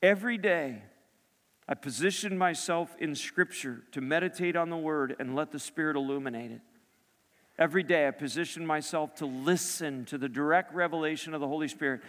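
A man preaching a sermon as a personal story, swinging between raised and hushed delivery. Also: fairly high pitch, fairly quick. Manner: storytelling, dramatic shifts between loud and hushed. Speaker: pastor. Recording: long hall reverb.

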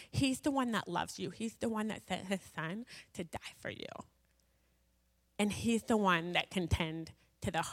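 A woman sharing a personal faith story with a gathering in a chatty way, full of fillers and asides. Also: medium pitch. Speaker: speaker sharing a personal testimony. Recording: long hall reverb.

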